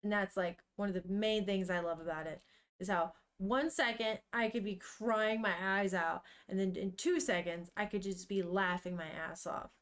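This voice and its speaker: A young woman streaming to her chat, reading a manga aloud and reacting in a chatty, animated way with casual swearing. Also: mid-range voice, moderate pace.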